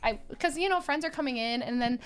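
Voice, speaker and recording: A woman with a notably high voice tells a story in casual chat. She slips into quoted voices and laughs often as she goes. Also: fast talker. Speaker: storyteller recounting a trip.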